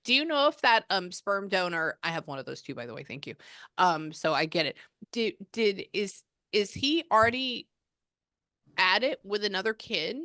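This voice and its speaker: A woman's voice: medium pitch, sing-song, moderate pace, pushed and bright, no room sound, studio quality. A woman from Texas, working as a spiritual medium in a reading session over a video call. She talks in a chatty, rambling way and keeps breaking off to say "hold on.". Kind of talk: live reading session with a client.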